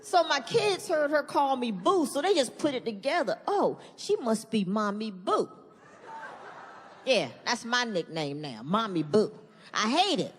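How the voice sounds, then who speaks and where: A female stand-up comedian performs a routine before an audience on a comedy stage, speaking at normal speed. Her high voice swings widely as she animatedly acts out the people in her story, swearing freely. A long hall echo carries the sound, with a faint crowd and faint noise in the background.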